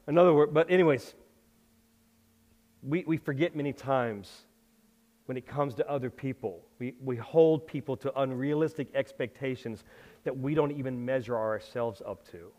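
A middle-aged male pastor preaching a sermon in a conversational, self-deprecating way, with lively asides. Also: fairly high pitch, fairly quick. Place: church sanctuary. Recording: long hall reverb.

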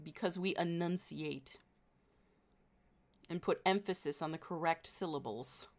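A woman with an Indiana accent chats with her stream audience, her voice sitting on the lower side. She talks at an unhurried pace, full of dry jokes and easy laughter. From Indiana, United States. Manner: wry, joking, quick to laugh. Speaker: livestreamer. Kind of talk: casual chat with viewers.

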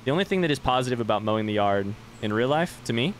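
A man's voice: medium pitch, animated, quick pace, slight background noise. A young man streaming a game live, chatting loosely with viewers and swearing casually as he plays.

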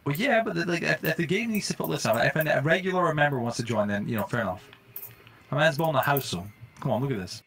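A young man streaming a survival game, chatting casually and breaking into loud, startled, swearing reactions. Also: fairly high pitch, expressive, quick pace, husky. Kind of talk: casual live-stream commentary.

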